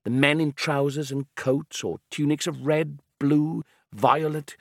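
A man reading an audiobook in a measured, calm, descriptive manner. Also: on the high side, vocal fry, no room sound, clean studio sound. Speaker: narrator. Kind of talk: scripted audiobook narration.

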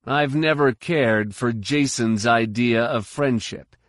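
A man's voice: medium pitch, slow, dry recording, clean studio sound, natural voice. A man voicing a curt, cool-headed male pilot, clipped and cutting.

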